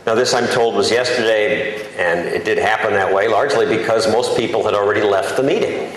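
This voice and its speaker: A man's voice: lowish voice, a little fast. A man who is a journalist, giving an emphatic, plainspoken, self-deprecating speech to an audience in a large conference hall. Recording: very echoey hall, faint background noise.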